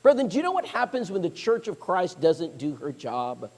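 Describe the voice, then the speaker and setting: A man's voice: high voice, moderate pace. A man preaching a sermon, telling stories and acting out the voices of people he quotes. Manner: animated storyteller, acts out quoted voices. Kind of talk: storytelling sermon. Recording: long hall reverb.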